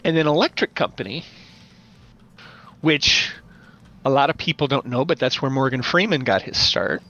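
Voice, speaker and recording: Animated man with a bright voice, lo-fi sound. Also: medium pitch, moderate pace. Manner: animated storyteller, playful voice imitations. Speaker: podcast guest, game master. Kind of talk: casual podcast chat. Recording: dull lo-fi audio.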